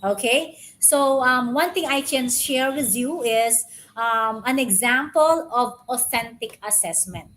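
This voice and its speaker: Halting woman lecturing, high voice. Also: a bit bright. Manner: frequent fillers and tag "no?"; halting, repeats words. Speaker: webinar speaker. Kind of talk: online lecture.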